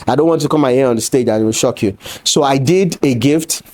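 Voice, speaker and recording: A man speaking on stage at an event, telling lively stories with pidgin asides. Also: medium pitch, fast talker. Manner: animated, acts out quoted voices with pidgin asides. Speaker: conference speaker. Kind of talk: storytelling talk on stage. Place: event stage before an audience.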